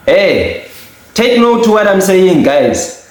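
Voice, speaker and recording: A young man on a casual podcast, telling a story with a lively, swooping voice that rises high when he acts out quotes. He laughs often as he talks. The room around him is very echoey. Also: takes it slowly. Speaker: podcast co-host.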